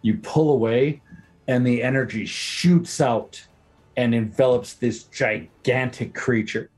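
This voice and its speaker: A man narrating a tabletop game as its game master. He talks in a relaxed way and patiently explains the rules between stretches of scene-setting. His voice sits at an ordinary middle pitch. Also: slow pace, soft background music.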